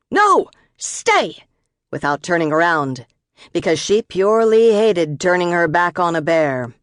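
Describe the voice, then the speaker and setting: Audiobook narrator: woman, low voice, measured and expressive, dry studio sound. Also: no echo.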